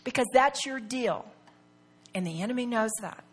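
A middle-aged woman leads a Bible study with a fairly high voice. She speaks to the room earnestly and confidingly, and she keeps turning to the listeners with rhetorical questions. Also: moderate pace, breathy edge. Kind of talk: personal teaching talk to a group.

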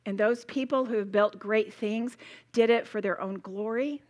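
A woman's voice: medium pitch, normal speed. Passionate woman teaching the Bible. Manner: passionate, emphatic, animated storytelling with role-played demos. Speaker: women's Bible study teacher. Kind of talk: live Bible teaching to a women's group.

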